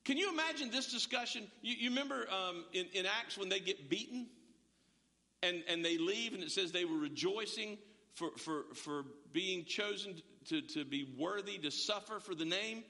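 A man's voice: high voice, expressive, moderate pace, bright, forceful tone, long reverb tail. A male pastor preaching an emphatic, streamed sermon, full of rhetorical questions and stammered restarts. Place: church, large hall, streamed.

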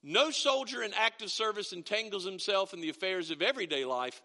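A middle-aged man preaching a sermon, his voice pitched high and ringing bright. He talks in a folksy, storytelling way, often stopping to restart a phrase. His words trail into a long reverberation around the church. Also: brisk, creaky. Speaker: pastor. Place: church sanctuary.

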